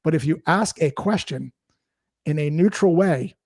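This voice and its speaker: A man's voice: on the high side, measured pace, a little mellow, dry recording, clean studio sound. Upbeat man telling sales stories. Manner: explains through anecdotes and example dialogue. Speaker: sales expert guest. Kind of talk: conversational interview storytelling.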